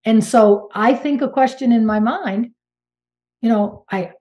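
A woman in her sixties from Maine talks through a casual interview, her voice warm and mellow. She tells her story in an animated, emphatic way, with exclamations and quick restarts, pitched in a middle range for a woman. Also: dull audio. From Maine, United States. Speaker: guest medium and channeler.

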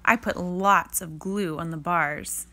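Woman slowly reading a picture book aloud. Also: lowish voice. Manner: slow, expressive read-aloud delivery. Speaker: reader.

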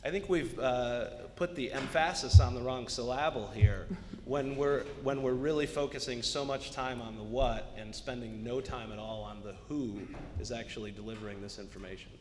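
A man's voice: mid-range voice, moderate pace. Male panelist, emphatic and earnest, heard in a reverberant hall. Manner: earnest, emphatic, repeats key words. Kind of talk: panel discussion remarks. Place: arts center event space. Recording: long hall reverb, faint noise.

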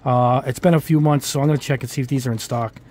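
A man's voice: mid-range voice, steady tone, quick pace, darkish tone, slight background noise. A man with a New England accent tinged with Italian-American speech, giving a rambling, casual product review at his hobby bench. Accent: New England with Italian-American touches. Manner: rambling, filler-heavy, chatty asides. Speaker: hobby model-kit YouTuber.

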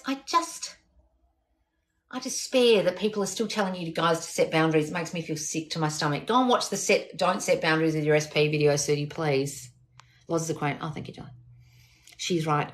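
Blunt, swearing woman coach. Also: fairly low pitch. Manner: blunt, swearing, exasperated lecturing. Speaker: manifestation coach. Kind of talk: live-stream Q&A.

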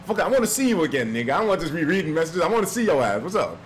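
Man, live streamer, casual chat, swooping expressive pitch, profane, faint room hum. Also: rapid-fire. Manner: animated, profane, loud jumps in pitch; reads viewer donations aloud.

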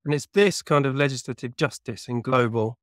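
A man's voice: mid-range voice, fairly quick, fairly bright tone, no room sound, studio quality. A man being interviewed as a researcher, explaining at length in a thoughtful, conversational way with lots of small hedges. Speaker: guest researcher.

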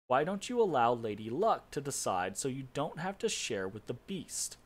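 A man's voice: mid-range voice, moderate pace. A man reading aloud the lines of a weary, indifferent male god of the dead in a game's storybook tale. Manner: calm, resigned.

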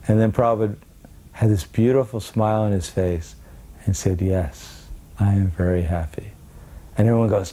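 A man's voice: on the low side, steady tone, moderate pace, warm tone. A man telling a remembered anecdote, acting out the people in it as he goes. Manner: acts out the quoted voices in his story. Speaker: devotee recalling memories. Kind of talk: anecdotal storytelling.

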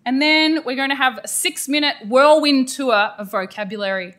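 A middle-aged Australian woman gives an energetic, emphatic professional development lecture to teachers. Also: high-pitched, moderate pace. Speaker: teacher educator presenting a workshop.

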